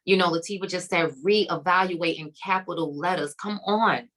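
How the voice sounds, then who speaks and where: Woman, online summit host, slightly low voice, emphatic, preacher-like, video call. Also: sharp tone, poor audio. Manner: emphatic, preacher-like, repeating phrases with "come on" and "okay". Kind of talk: encouraging faith-based talk to a live online audience.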